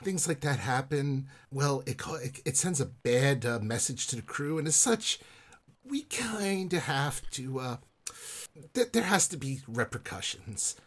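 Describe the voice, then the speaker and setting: A man voicing a smooth-talking woman ship's officer who stammers through false reasonableness. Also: medium pitch, lively intonation. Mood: smug. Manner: hesitant, halting restarts.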